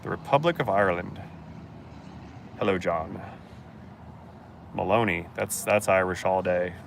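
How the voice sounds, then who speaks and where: A blunt, joking mechanic answers viewer questions in a casual live stream. His voice sits on the low side for a man. Faint outdoor street noise runs under the recording. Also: unhurried, gravelly. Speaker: host answering live chat.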